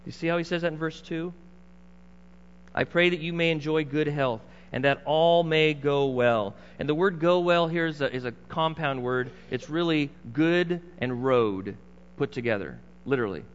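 Middle-aged male pastor, slightly high voice, emphatic conversational sermon, muffled recording with long hall reverb. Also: normal speed, clean tone. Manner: conversational, emphatic preaching with asides to the congregation.

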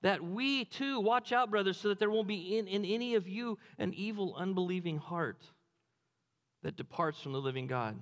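Pastor preaching in an echoing hall. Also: male voice, high-pitched, moderate pace. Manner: storytelling, rhetorical questions, repeats phrases. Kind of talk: sermon.

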